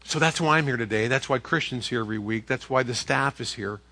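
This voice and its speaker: A man's voice: medium pitch, fast talker, bright, forceful tone. A man preaching a sermon in an earnest, personal way with light joking. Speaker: pastor.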